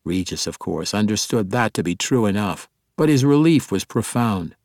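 A man narrating an audiobook in a steady, expressive reading. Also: on the low side, normal speed, no echo, clean studio sound. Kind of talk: scripted narration.

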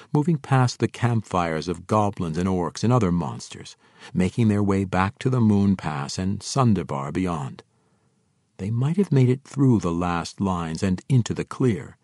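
A man reading a fantasy novel aloud in a steady, measured narration. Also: low-pitched, no echo, studio quality. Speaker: audiobook narrator.

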